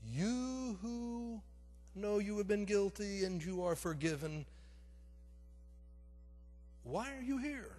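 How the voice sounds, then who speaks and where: A man voicing God during a sermon story, asking slow, quiet questions. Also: high voice, expressive, soft background music, pitched above the performer's own voice. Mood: solemn. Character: God, a calm questioning male voice. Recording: long reverb of a church sanctuary.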